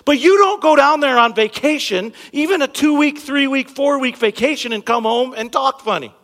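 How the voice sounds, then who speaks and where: On a brightly lit sanctuary stage, a pastor in his thirties gives a sermon at a moderate pace, trading jokes and chatty remarks with the congregation. He stresses key words emphatically in a voice that's high for a man and a bit bright, while a long reverb from the large room follows each phrase.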